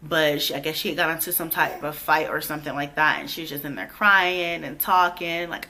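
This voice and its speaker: A pregnant young woman, telling a storytime vlog in a blunt, profane, animated way. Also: low voice, brisk, few pauses. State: heavily pregnant. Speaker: vlogger.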